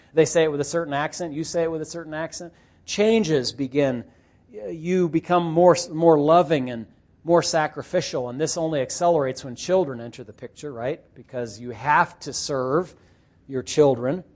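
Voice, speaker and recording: Man preaching a relaxed, chatty sermon. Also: a little high. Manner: conversational preaching with rhetorical questions and soft laughs. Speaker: pastor.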